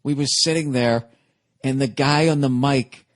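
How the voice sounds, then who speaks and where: A man's voice: mid-range voice, fairly even intonation, measured pace. A middle-aged man, a comedian hosting his own podcast, telling a story in a casual, rambling monologue full of profanity.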